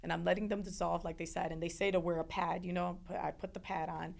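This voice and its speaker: Woman with a gravelly voice, halting. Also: lowish voice, flat delivery. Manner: emotional, halting, with many restarts. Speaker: interview guest. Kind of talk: personal testimony in an interview.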